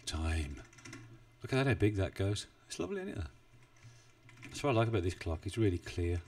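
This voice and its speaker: A low-voiced man talks casually through a live stream, rambling and self-deprecating as he goes. His desk mic sits a bit too far away, so he sounds distant. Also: animated, a little fast. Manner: chatty, rambling, self-deprecating, chuckles often. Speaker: forex trading live streamer. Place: home desk in the UK. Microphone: desk mic, not well placed.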